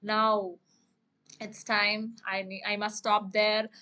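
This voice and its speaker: A woman's voice: mid-range voice, little pitch movement, slow pace, sharp tone. A young woman, a teacher reading a story aloud and explaining it line by line, with many fillers and restarts. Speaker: English teacher.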